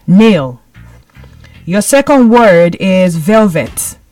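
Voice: medium pitch, sing-song, very slow, darkish tone, no room sound, faint music behind. A Nigerian radio host running a call-in word game with a playful, laughing manner. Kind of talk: lively call-in radio chat. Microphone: studio microphone.

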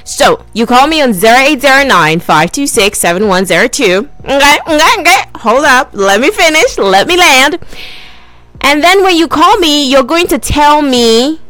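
A woman radio presenter, hosting a lively call-in giveaway in a playful, teasing way. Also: sits high, moderate pace, no room sound. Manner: playful, teasing, repeats herself.

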